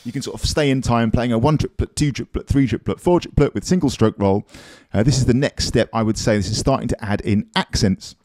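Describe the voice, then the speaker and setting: A man's voice: mid-range voice, brisk, hardly any pauses, darkish tone, no echo, clean studio sound, faint music behind. A man teaching a drum lesson in a casual, encouraging, chatty way, counting beats aloud as he plays.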